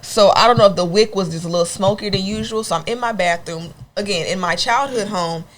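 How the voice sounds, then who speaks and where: Young woman, podcast co-host, casual comedic storyteller, animated, mid-pitched voice. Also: a little fast, slight background noise. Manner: animated, jumps into high squeals when acting out scenes.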